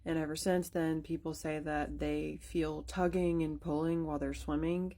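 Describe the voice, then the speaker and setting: A woman's voice: sits low, level tone, normal speed, dark tone. A young woman casually telling a spooky personal story, chatty, with many fillers and restarts.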